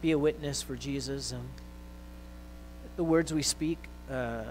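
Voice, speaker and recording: A man preaching a sermon in a conversational way, with fillers and restarts, growing louder and more intense when he quotes scripture. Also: medium pitch, unhurried, a little hiss or hum, low-quality recording. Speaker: pastor.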